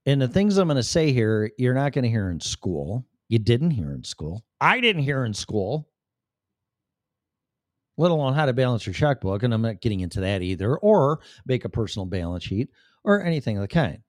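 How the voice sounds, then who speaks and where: Animated, rambling man on a livestream. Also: medium pitch, normal speed, no room sound, clean studio sound. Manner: animated, profane and rambling, with sudden voice changes. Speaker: livestream host. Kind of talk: casual ranting monologue.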